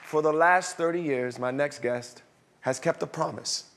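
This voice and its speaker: A man's voice: a little high, a little slow, crowd noise, noisy background. A man hosting, introducing the next speaker with admiring words. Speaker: host.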